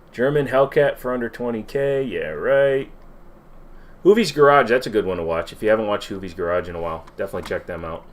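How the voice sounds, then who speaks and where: A man's voice: lowish voice, fast talker. A man hosting a casual livestream Q&A, rambling and swearing as he reacts to viewer comments. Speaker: livestream host.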